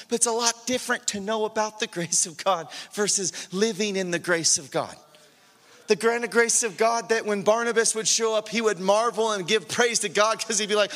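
A man preaching a sermon, telling a personal story with animated storytelling and acting out his inner dialogue. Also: high-pitched, moderate pace. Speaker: pastor. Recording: long hall reverb.

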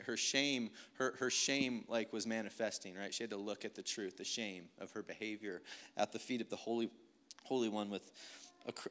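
This young preacher shares his testimony in an emotional, earnest sermon peppered with "like." His voice is fairly low and a bit bright.

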